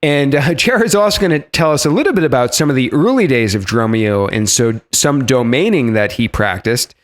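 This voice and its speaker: A man's voice: medium pitch, fairly quick. A man hosting a podcast, introducing his guest and asking questions in a chatty, casual way. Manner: lively, chatty, with fillers and restarts. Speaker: podcast host.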